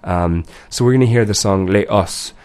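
A man's voice: on the low side, moderate pace, a little mellow, clear, resonant tone. A man hosting a radio music show, talking casually between songs with a stuffy, nasal voice from a cold, rambling and correcting himself as he goes. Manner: loose, rambling, self-correcting. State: has a cold.

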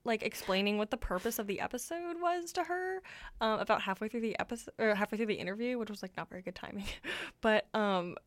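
Talking fast in a mid-range voice, a young woman co-hosting a radio program keeps the conversation light. She giggles a lot and leans heavily on "like" as filler.

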